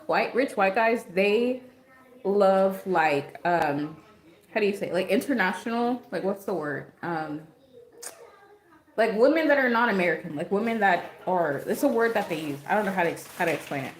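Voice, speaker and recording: A woman's voice: mid-range voice, expressive, moderate pace. A young woman hosting a livestream, chatting casually with lots of fillers and giggles. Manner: rambling, giggly, many fillers. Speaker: livestream host. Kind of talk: casual chat. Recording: echoey room.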